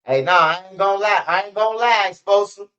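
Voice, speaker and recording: Man from Chicago hosting a street-news commentary channel. High, bright voice. Slangy storyteller who acts out the quotes. Lo-fi sound. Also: fairly quick. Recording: dull lo-fi sound.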